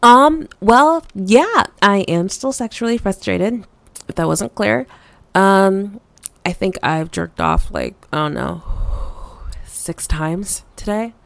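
A woman's voice: medium pitch, big pitch swings, slow, gravelly, dry recording, exaggerated voice. A woman voicing a flustered, frustrated young woman in an audio role-play, stammering and swearing with many fillers.

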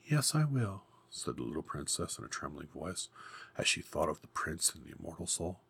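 Deep, gravelly male storyteller. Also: fairly quick, bright, forceful tone. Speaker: narrator. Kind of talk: storybook narration.

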